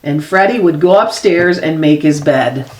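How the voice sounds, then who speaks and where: A woman reading a children's picture book aloud as a storyteller, expressive and unhurried, dropping low for the grown-ups. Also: roomy sound, background noise. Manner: slow expressive read-aloud with lively swings; drops low and soft for the grown-ups' voices.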